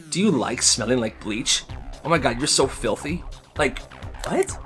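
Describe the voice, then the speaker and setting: Animated chatty man telling stories. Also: on the high side. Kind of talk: casual storytime narration.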